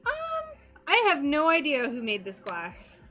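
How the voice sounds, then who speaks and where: Bright, slow-talking chatty woman. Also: high voice, huge pitch swings. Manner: chatty, giggly, talking to chat and her pet. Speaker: stained glass streamer. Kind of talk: casual live-stream chat while crafting.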